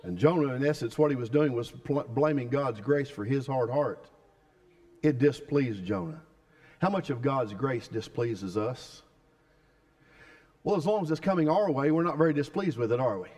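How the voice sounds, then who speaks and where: A man's voice: mid-range voice, expressive, moderate pace, darkish tone. A male pastor preaching a sermon, emphatic and putting questions to the congregation.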